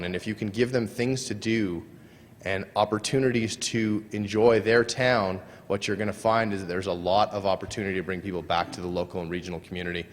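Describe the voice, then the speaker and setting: A man's voice: fairly low pitch, a little hiss or hum. A man giving an earnest conference presentation, sometimes trailing off and restarting his sentences. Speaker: conference speaker. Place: conference hall. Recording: long hall reverb.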